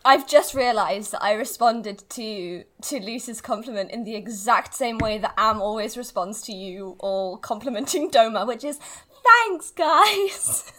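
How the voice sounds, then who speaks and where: A woman's voice: medium pitch, moderate pace, few pauses, a bit bright. A woman guest on a tabletop game podcast, bubbly and giggly in casual chat. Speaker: guest player.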